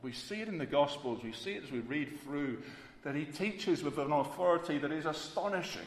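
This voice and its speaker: A man's voice: a little high, lively intonation, brisk. A man preaching a sermon emphatically, repeating key words for weight. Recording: echoey hall with faint ambience.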